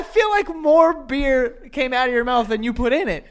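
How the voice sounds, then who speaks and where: A man's voice: very high voice, expressive, a little hiss or hum. A man co-hosting a podcast, bantering casually and teasing his co-host. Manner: teasing, quick back-and-forth banter. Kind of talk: casual chat.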